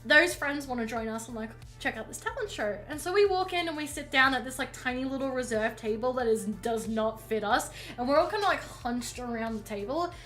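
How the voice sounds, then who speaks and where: A woman streamer casually telling a story while she paints, chatty and swearing freely, with lively acted-out dialogue. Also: sits high, a little fast, few pauses, faint music behind.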